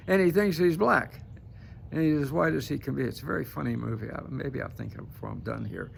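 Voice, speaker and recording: A man's voice: medium pitch, vocal fry, a little hiss or hum. A man giving casual political commentary to camera, emphatic and repeatedly tagging his points with "okay?".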